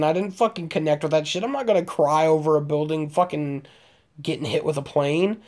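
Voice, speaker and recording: Speaking fairly quickly in a slightly mellow voice on the high side, a man chats with his stream viewers. He's in his late twenties, from Omaha, Nebraska, United States, and his crude, rambling stories come with frequent swearing, fillers and laughs.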